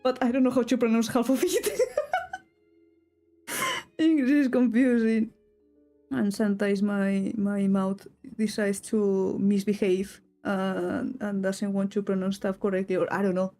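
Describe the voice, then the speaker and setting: A woman's voice: medium pitch, level tone, unhurried, dark tone, faint music behind. A young woman from Spain with a Spanish accent, chatting casually to her stream in English while she draws, rambling and breaking off mid-thought with little giggles. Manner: rambling, self-interrupting, giggly asides.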